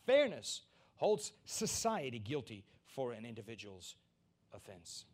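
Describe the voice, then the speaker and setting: A man preaching a sermon as pastor, emphatic and repeating key lines, building to loud peaks. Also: mid-range voice, very animated, unhurried.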